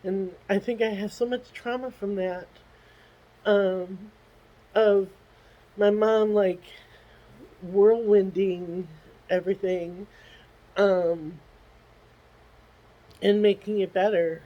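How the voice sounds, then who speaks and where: Slow, tearful woman's video diary. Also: mid-range voice, fairly even intonation, lo-fi sound. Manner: halting, with many ums and restarts. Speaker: vlogger.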